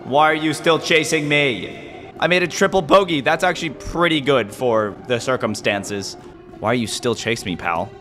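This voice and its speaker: A man giving casual gameplay commentary, jumpy and excitable, yelping and muttering to himself. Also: mid-range voice, normal speed, soft background music. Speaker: gaming video host.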